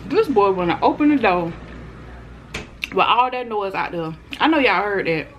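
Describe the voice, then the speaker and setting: Woman, mukbang vlogger, casual chat, mid pitch, faint background hum. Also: lively intonation, moderate pace, a bit bright, low-quality recording. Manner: chatty, talks to viewers between bites. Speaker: food vlogger.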